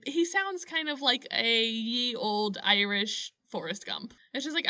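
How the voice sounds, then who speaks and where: A woman co-hosting a podcast in casual chat, joking with quick asides. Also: fairly high pitch, very animated, pushed and bright, no echo. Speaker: podcast co-host. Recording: dry close-mic podcast audio.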